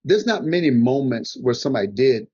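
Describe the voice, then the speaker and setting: A man's voice: mid-range voice, brisk, breathy edge. An older man, a guest comedian, giving motivational advice in conversation and acting out the things people said to him. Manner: animated storyteller, acts out quotes. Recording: dull lo-fi audio.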